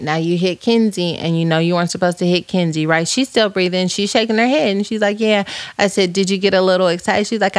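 A woman in her thirties hosting a podcast, reading live comments aloud in a playful, teasing, animated way. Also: medium pitch, dry recording. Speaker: podcast host.

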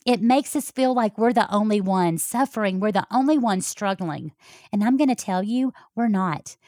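Middle-aged health coach, folksy and direct, mid-pitched, dry recording. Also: female voice, moderate pace, dry recording. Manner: warm, folksy, talks straight to listeners. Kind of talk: heartfelt personal talk.

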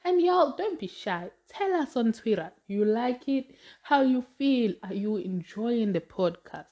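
A woman's voice: a little high, lively intonation, unhurried, warm tone. Chatty woman podcast host. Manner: chatty, rambling, laughs often, says "like" a lot. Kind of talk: casual solo podcast chat.

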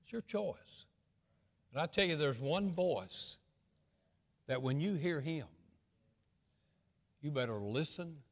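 A man's voice: a little high, lively intonation, slow pace, pauses often. Folksy preacher man in a reverberant church. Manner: folksy, repetitive, swings between loud and hushed. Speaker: pastor. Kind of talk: sermon.

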